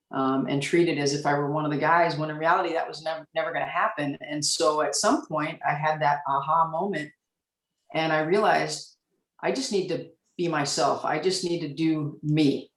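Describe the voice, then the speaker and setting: A woman in her forties speaks candidly and reflectively as a panelist, pausing often with "um". Her voice carries a noticeable room echo. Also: deep voice, distant mic. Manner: candid, reflective, with frequent "um" pauses. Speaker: panelist, police officer. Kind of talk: panel discussion storytelling.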